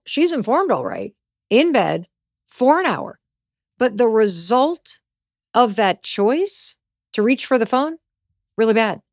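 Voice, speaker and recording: Podcast host, woman, bright and animated, punchy emphasis, dry close sound. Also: on the high side, dry recording. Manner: emphatic, animated storytelling with stressed key words. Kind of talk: motivational podcast monologue.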